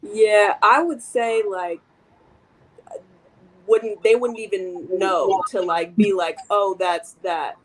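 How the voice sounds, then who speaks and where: Soft-spoken reserved young woman on a call. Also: mid-range voice, slow, pauses often, poor audio. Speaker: co-host. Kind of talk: casual video call discussion.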